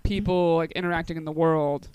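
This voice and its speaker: A woman co-hosting a casual podcast, playful and quick to laugh while steering the questions. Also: low voice, steady tone, a little mellow, clear, resonant tone, no echo, highs cut off. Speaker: podcast co-host.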